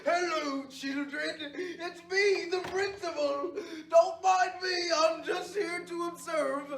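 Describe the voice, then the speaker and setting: A goofy comedy-sketch principal with a shrill, sky-high voice that drawls every word slowly. He sounds crackly and gravelly, and the room around him echoes. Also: steady tone, fairly bright tone, exaggerated voice. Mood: creepy teasing. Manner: shrill, drawn-out and mocking. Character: silly creepy male school principal.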